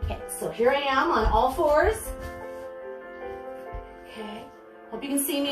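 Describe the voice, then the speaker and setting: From a home studio room, a yoga instructor leads a class with chatty, encouraging step-by-step cues. Her high voice moves slowly with frequent pauses, and the room echoes over background music.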